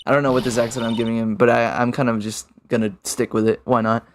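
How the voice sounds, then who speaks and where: A woman's voice: very deep voice, flat delivery, fast, a little hiss or hum. Chatty woman playing a game. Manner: chatty, confused asides to chat. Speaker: let's play streamer. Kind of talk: casual game commentary. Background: game music.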